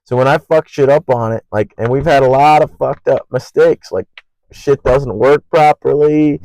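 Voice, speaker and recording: A young man hosting his own podcast alone, rambling in an earnest, profane way and naturally loud. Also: mid-range voice, moderate pace, no room sound, low-quality recording. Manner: loud by habit. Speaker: podcast host. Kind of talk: casual solo podcast monologue.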